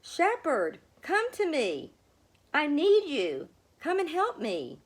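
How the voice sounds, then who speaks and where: A woman voicing a frightened, tearful young woman pilgrim in a storybook reading, pleading in a high, wavering voice. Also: big pitch swings, measured pace.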